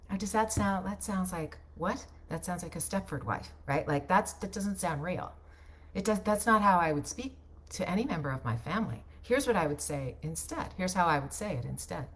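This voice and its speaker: Chatty woman coaching with a lowish voice. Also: expressive, moderate pace, slightly rough. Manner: chatty, ends points with tag questions; loose, unpolished delivery with restarts. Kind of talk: casual on-camera teaching.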